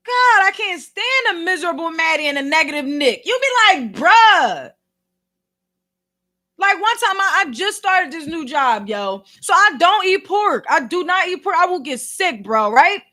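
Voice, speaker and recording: A woman with a Philadelphia accent rants straight to her audience in a vlog. Her voice sits very high and comes across bright and sharp. She talks with exasperated, slangy energy. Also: moderate pace, few pauses. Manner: exasperated, animated ranting full of slang. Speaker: vlogger and podcast host. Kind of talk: ranting commentary.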